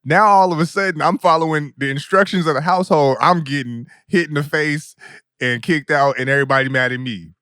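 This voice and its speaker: A young adult man hosting a podcast, telling a comedic story in a loose, profane, animated way with lots of laughter. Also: a little high, brisk, clear, resonant tone, no echo, clean studio sound. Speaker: podcast host.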